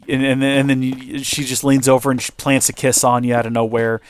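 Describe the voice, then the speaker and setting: A man's voice: mid-range voice, flat delivery, fairly quick, hardly any pauses, a little hiss or hum. A man hosting a gaming channel, rambling and joking with viewers in a chatty commentary while his voice starts to give out. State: losing his voice. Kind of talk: chatty let's-play commentary.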